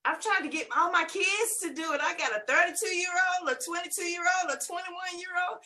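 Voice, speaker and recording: A woman in her fifties giving an exuberant testimonial on a video call, emphatic and lively. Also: very high voice, moderate pace. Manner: emphatic and lively, calls listeners honey and girl. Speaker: webinar guest giving a testimonial. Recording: distant from the mic.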